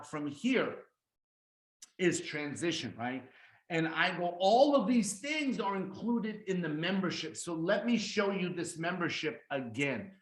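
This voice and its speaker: A man teaching how to present a sales pitch, emphatic and energetic, acting out his pitch lines with deliberate pauses. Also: roomy sound, poor audio. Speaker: sales trainer. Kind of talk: presentation training talk.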